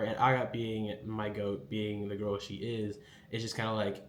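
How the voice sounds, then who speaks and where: A man's voice: lowish voice, level tone, moderate pace. A man giving a casual, rambling recap of an anime episode, enthusiastic and full of filler words. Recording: echoey room with faint ambience.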